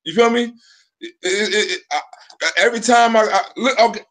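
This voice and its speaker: A man's voice: high voice, fairly bright tone. Profane, rambling man hosting a live stream. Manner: profane, rambling, halting restarts. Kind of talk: casual live stream chat.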